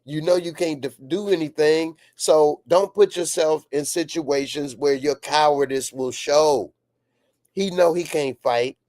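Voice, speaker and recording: A man giving a casual, excitable reaction to a TV episode as the channel's host, laughing often and sometimes rising to shouts. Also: a little high, measured pace, no room sound, studio quality. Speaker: TV show reviewer.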